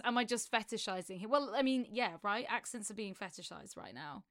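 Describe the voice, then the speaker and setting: A woman's voice: a little high, expressive, fairly quick, hardly any pauses, a bit bright, no echo, studio quality. Sweary young British woman chatting. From Britain. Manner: frank, sweary, laughs a lot. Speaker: podcast co-host. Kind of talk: casual chat.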